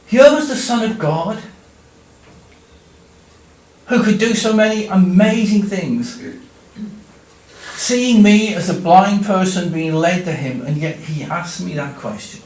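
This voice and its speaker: A man telling a Bible story in the first person in a church, dramatic, swinging from loud cries to hushed tones. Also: high voice, takes it slowly, pauses often. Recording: echoey church room, distant mic.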